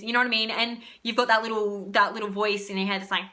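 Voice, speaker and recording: A woman's voice: on the high side, fairly even intonation, quick pace, hardly any pauses, pushed and bright. A young woman chatting casually about self-love, rambling with lots of fillers and free swearing. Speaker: spiritual wellness vlogger. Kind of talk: casual self-help talk.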